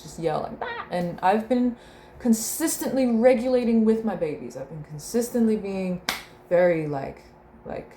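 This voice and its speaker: A young mother keeps a video diary, her fairly low, slightly mellow voice wandering reflectively as she hunts for words and often bursts into laughter. The room gives a roomy echo with faint background noise.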